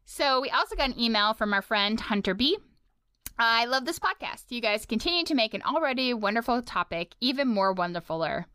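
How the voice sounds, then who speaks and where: A friendly woman co-hosting a podcast with a smooth, clear voice. She chats easily and reads listener mail. The sound is dry and close. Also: on the high side, lively intonation, a little fast, sharp tone, dry recording. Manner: friendly, easygoing. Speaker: podcast co-host. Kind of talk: casual chat, reading listener mail.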